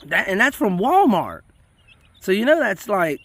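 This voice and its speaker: A man's voice: high-pitched, big pitch swings, measured pace, a bit bright, no room sound. A man hosting a homesteading channel, chatting casually and folksily outdoors on a farm near his chickens. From South Carolina. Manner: folksy and chatty, says y'all a lot. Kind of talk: casual rambling chat.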